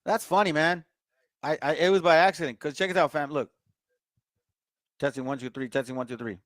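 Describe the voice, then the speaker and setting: A man with a somewhat high voice, recorded dry and close, teaching the Bible in an easygoing way. He reads scripture aloud and breaks in with laid-back asides, calling his listeners fam and bro. His delivery stays casual and conversational throughout. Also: brisk, fairly bright tone, dry recording.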